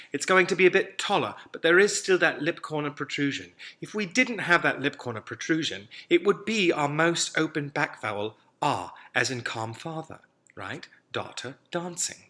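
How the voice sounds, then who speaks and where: A man's voice: on the high side, animated, moderate pace, sharp tone. A man teaching a British lesson, drilling sounds and example words. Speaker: accent coach. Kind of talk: accent lesson to camera.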